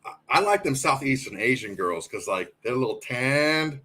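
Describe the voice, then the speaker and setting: A man's voice: mid-range voice, lively intonation, normal speed, sharp tone, slight background noise. Crude joking man co-hosting. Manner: crude, laughing banter. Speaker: podcast co-host. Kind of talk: casual sports podcast chat.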